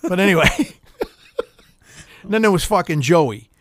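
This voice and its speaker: A man's voice: high voice, lively intonation, moderate pace, fairly bright tone, dry recording. A middle-aged man telling a story in casual chat, profane, rambling and heated.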